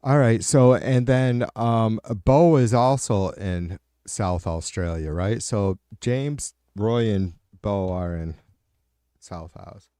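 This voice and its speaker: A middle-aged man hosts a livestream and swears freely as he rambles through answers to his chat. His voice sits fairly low, with a warm, mellow tone. The sound is dry and close. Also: slow, clear, resonant tone, no echo. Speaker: livestream host. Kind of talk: casual chat with viewers.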